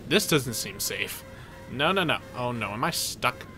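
A man giving excitable let's play commentary, reading game dialogue aloud and yelping when things go wrong. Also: mid-range voice, unhurried, soft background music. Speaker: gaming video creator.

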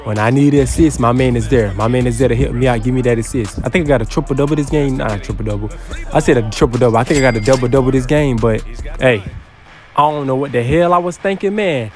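A young man giving casual, excitable gameplay commentary, trash-talking and breaking into loud yells. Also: mid-range voice, fast, faint music behind. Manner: excitable trash talk, bursts into yelling. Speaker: gaming YouTuber.

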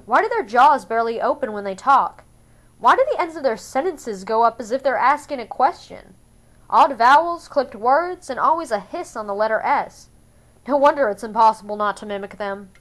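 Female fan audiobook reader, slightly high, measured and subdued first-person narration. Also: expressive, a bit bright.

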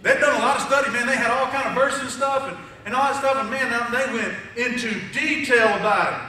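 A man's voice: very high-pitched, steady tone, brisk, bright, forceful tone, slight background noise. A man preaching a sermon to his congregation in a conversational, joking way. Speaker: pastor. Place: church sanctuary. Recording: echoey church from far off.

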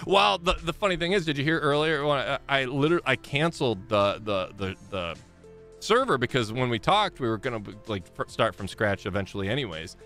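A man's voice: mid-range voice, animated, fairly quick, fairly bright tone. Rambling male streamer, thirties, casual chat, faint music behind. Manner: rambling, self-correcting, laughs often. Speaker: game streamer.

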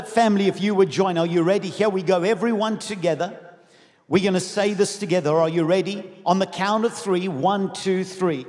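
A pastor preaching a sermon with passion, often shouting and leading his congregation in declarations. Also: sits high, slight background noise. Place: large church dome. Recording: long hall reverb.

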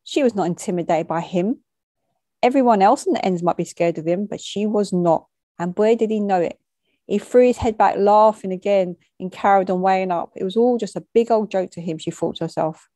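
A woman narrates a short story in a measured, matter-of-fact way, with bits of street slang. Her voice is mellow and mid-pitched. The recording is dry and close. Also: no room sound. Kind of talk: reading a short story aloud.

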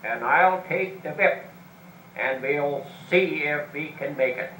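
A man's voice: fairly high pitch, slow, far from the mic, background noise. A man voicing an old Scandinavian farmer in a joke, with a folksy put-on immigrant drawl, caught on a home video camcorder in a roomy room from across the space. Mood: deadpan.

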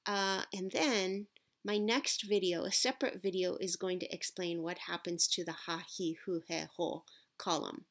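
A woman teaching Japanese pronunciation in a patient, deliberate classroom manner, modelling sounds for her students. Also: medium pitch, a bit bright. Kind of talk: classroom-style lesson.

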